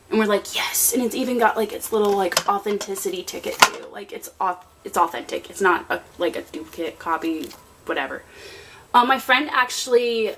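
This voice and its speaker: A young woman giving a rambling, excitable tour of her art desk at home, talking into a handheld camera. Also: mid-range voice, a little hiss or hum, poor audio. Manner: chatty, rambling, excitable, many fillers. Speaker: artist showing her workspace. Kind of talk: casual vlog tour. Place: home desk area, indoors.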